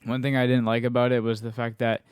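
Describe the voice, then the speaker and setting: A man's voice: mid-range voice, level tone, quick pace, clean tone, no echo, studio quality. A young man hosting a podcast, easygoing and chatty as he leads the questions. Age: young adult. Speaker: podcast host. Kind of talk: casual chat.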